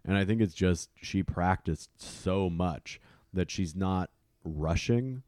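A man's voice: low voice, slow pace, dry recording, studio quality. A man from Texas talking casually and thoughtfully in a book discussion. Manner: relaxed, thoughtful, filler-heavy.

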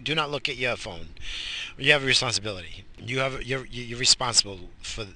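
Bright-voiced, worn-out man rambling in his car. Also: mid-range voice, moderate pace. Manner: rambling, profane, jokey. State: exhausted, yawning. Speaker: vlogger. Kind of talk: casual rambling vlog while driving. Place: inside a car.

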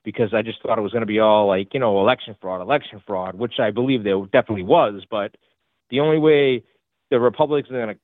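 A man's voice: fairly low pitch, fast talker, no echo. Male caller, Boston accent, rambling, many fillers; dry, tinny phone line. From Boston area. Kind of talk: call-in talk. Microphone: phone call.

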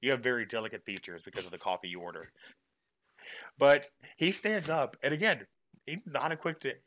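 A man's voice: medium pitch, very animated, racing, sharp tone, no room sound, rough recording. A man hosting a podcast, telling rambling, self-deprecating stories in casual chat. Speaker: podcast host.

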